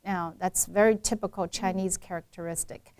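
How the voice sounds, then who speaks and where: A woman's voice: lowish voice, steady tone, moderate pace, darkish tone. A woman accent coach giving a pronunciation lesson, explaining by saying the right and the wrong way side by side.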